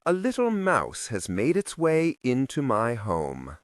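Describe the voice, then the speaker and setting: A deep, unhurried male vampire from a spoken story, as a man reads him. He sounds cool and quietly amused, and his tone rises and falls widely. The recording is dry and close. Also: no echo. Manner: calm, measured, faintly amused. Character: ancient, still male vampire, cool and wry.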